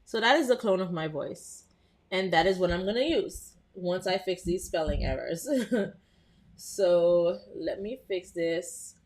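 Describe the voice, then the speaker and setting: A woman hosting a live software tutorial, talking casually to her viewers with frequent "um" and "like" as she works. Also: on the low side, unhurried. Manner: chatty, addresses viewers as "you guys", frequent "um" and "like". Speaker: host.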